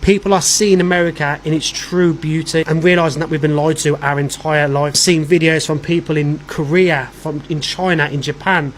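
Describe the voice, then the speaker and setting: A man's voice: fairly high pitch, steady tone, moderate pace, hardly any pauses. A man giving an earnest, declamatory address to camera. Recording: faint background noise.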